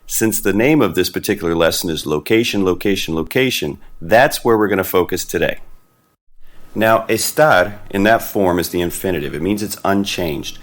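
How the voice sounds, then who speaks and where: A man narrating an animated beginner language lesson in a clear, deliberate teaching manner. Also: low-pitched. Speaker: Spanish teacher.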